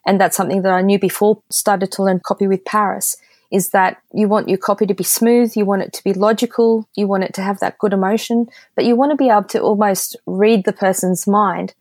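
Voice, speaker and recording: An Australian woman, a copywriter appearing as a guest, talks candidly and directly in a casual podcast interview, telling stories with a lively pull. Her middling-pitched voice moves fairly quickly, and the recording is close and dry, with no room sound.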